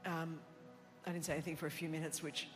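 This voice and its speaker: Australian woman pastor, lively self-mocking storyteller, echoing church hall with soft music underneath. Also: low-pitched, fast. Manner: animated, self-mocking, acts out quotes. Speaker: preacher. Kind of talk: sermon storytelling.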